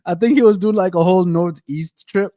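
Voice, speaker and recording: Male co-host, bit high-pitched, loose and jokey, dry close mic. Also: fairly quick, mellow, dry recording. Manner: laid-back, joking, slangy. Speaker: podcast host. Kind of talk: casual chat.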